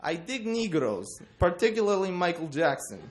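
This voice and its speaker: A man's voice: sits high, big pitch swings, normal speed, slight background noise, voice pushed up. A young man voicing a boastful young male translator in a Russian accent, with mangled grandiose English. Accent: Russian, put on. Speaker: student presenter reading aloud.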